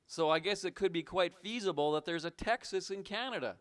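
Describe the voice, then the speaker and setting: Man, call-in host, fairly high voice, smooth and clear, teasing, casual banter. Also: a little fast. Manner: teasing, mock-suspicious.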